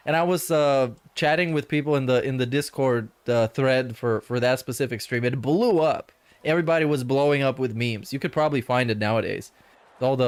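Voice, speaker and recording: Guy riffing on old clips, slightly high voice, dry close sound. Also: dry recording. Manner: chatty, mocking, laughs often. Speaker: podcast host reacting to clips. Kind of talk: casual reaction commentary.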